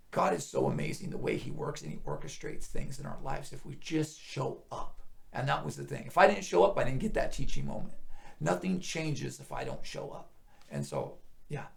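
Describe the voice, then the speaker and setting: A middle-aged man with a deep, heavily gravelly voice tells his story of faith. He speaks earnestly and often sinks into hushed, near-whispered tones when the memories weigh on him. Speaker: guest sharing testimony. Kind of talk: emotional personal testimony.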